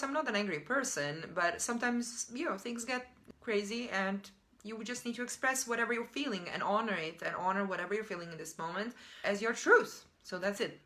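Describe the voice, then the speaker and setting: Bright-voiced woman chatting to camera, lots of "like"s and little laughs. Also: medium pitch. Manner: chatty, laughs often, says "like" a lot. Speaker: spiritual vlogger. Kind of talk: casual talk to camera.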